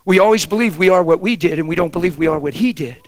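A man in his fifties preaching a sermon, swinging from shouts to hushed, intimate tones. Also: high voice, fast. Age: 50s.

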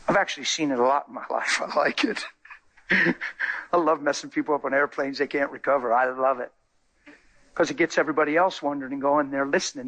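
A man's voice: on the high side, a bit bright. A man preaching a sermon, telling stories animatedly and acting out the people in them. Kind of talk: sermon with storytelling.

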